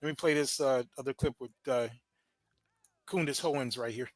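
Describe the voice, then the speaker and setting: A podcast host with a medium-pitched, steady voice talks at a moderate pace with no echo. His commentary is casual and loose, full of fillers and frequent laughter.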